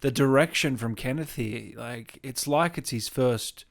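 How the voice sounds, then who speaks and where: A man's voice: medium pitch, a little slow, vocal fry. Blunt, scornful male podcast co-host. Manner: blunt, scornful, laughs often. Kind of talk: casual film review chat.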